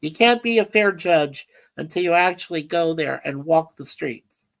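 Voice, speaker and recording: A woman's voice: low-pitched, expressive, normal speed. A woman hosting a casual livestream chat, rambling and reading viewer comments aloud. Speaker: livestream host.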